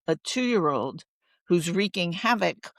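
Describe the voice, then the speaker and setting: A woman's voice: fairly low pitch, lively intonation, slow, dry recording. A woman guest in a conversational interview, talking earnestly and thoughtfully and expanding her points with personal stories.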